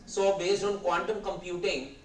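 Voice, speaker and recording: An Indian English man in his fifties gives a conversational guest lecture, his voice sitting a little high. His throat is sore, and he wanders between points with a hesitant, rambling delivery. He is picked up from a distance in a reverberant hall with a faint hum of ambience. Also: moderate pace.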